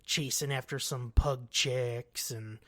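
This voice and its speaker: A man co-hosting a podcast, telling stories in an animated, slangy, laughing way. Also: mid-range voice, slow. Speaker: podcast co-host. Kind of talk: casual storytelling chat.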